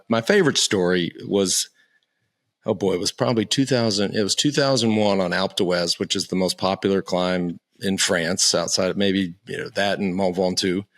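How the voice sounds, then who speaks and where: Low-voiced American man telling stories. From United States. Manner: profane, animated anecdote-telling with many restarts. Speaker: guest. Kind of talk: casual storytelling.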